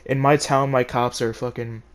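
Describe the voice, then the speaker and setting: A man's voice: mid-range voice, little pitch movement, moderate pace, clean tone. A teenage boy recounting a story-time tale for his channel. He rambles along with constant fillers and plenty of swearing, in a casual vlog manner. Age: teens. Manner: rambling, profane, full of likes and rights. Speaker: vlogger telling a story.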